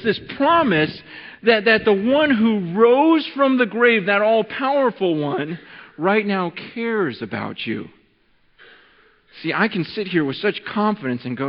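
A man preaching a sermon as pastor, talking in a relaxed, conversational way and working a demonstration with a volunteer. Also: sits high, moderate pace. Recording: dull lo-fi recording in a reverberant hall.

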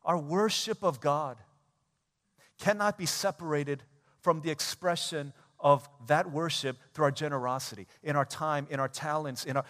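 A man preaching a sermon as a pastor, animated and conversational, acting out everyday scenes. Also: a little high, normal speed. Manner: animated, acts out everyday scenes in quoted voices. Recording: long church hall reverb.

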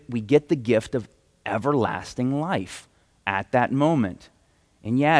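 A man preaching a sermon as a pastor in a casual, enthusiastic way, reading scripture aloud. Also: mid-range voice. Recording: hall reverb.

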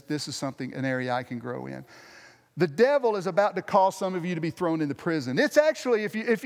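A man's voice: fairly high pitch, in a large hall. A man preaching a sermon as pastor, earnest, repeating and restarting phrases for emphasis.

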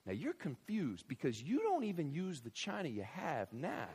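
A man preaching a sermon in church, telling a story with animated delivery that builds to emphatic shouts. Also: a little high, moderate pace. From Southern United States. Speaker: pastor.

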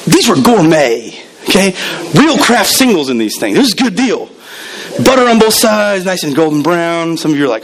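A man's voice: high voice, very animated, normal speed, a little hiss or hum, rough recording. A man preaching a sermon as pastor, telling stories animatedly and repeating words as he builds up.

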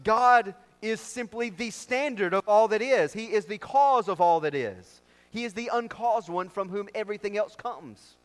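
A man's voice: sits high, expressive, moderate pace. A man preaching a sermon as pastor, with an emphatic, repetitive cadence. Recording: long reverb of a large hall.

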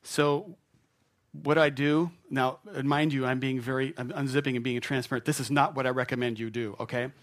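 Animated male preacher telling a story. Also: medium pitch, fairly quick. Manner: animated, self-mocking, chuckles through his story. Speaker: pastor. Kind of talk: storytelling sermon.

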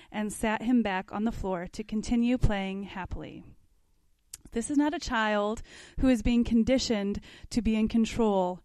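Teaching a parenting class, a woman with a slightly high, dark-toned voice reads aloud from a book and chats casually between passages. She keeps it conversational, questioning her listeners, on a dry recording.

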